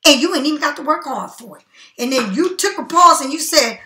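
A woman reading tarot cards in a high, bright voice, blunt and swearing freely as she preaches at the listener. She speaks in an echoey room. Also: animated, fairly quick. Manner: blunt, profane, preachy and emphatic. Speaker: tarot card reader. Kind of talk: casual tarot reading monologue.

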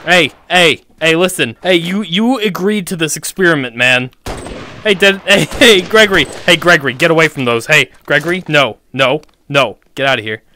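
Man, VR gameplay commentary, playful, giggly, high lively voice, faint background noise. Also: moderate pace. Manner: playful and giggly, teasing, frequent exclamations. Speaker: gaming channel host.

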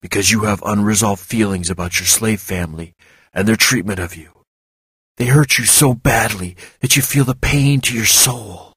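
A man's voice: on the low side, normal speed, a bit bright, breathy edge, no echo, pitched below the performer's own voice. A man reading the part of an earnest, intense young man who speaks with insistent care. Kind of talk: audiobook character reading.

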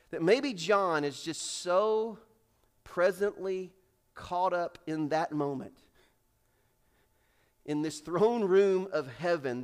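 A man preaching a sermon in church, swinging between loud, acted-out build-ups and hushed, slow drops, and repeating phrases for emphasis. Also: high voice, smooth. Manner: acts out characters in raised voices. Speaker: pastor. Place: church sanctuary.

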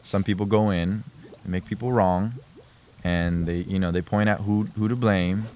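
A man's voice: sits low, steady tone, normal speed, a little mellow. A young man speaking earnestly as a guest on a family podcast, rambling and often restarting his sentences. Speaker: podcast guest, host's son. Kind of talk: casual family podcast chat.

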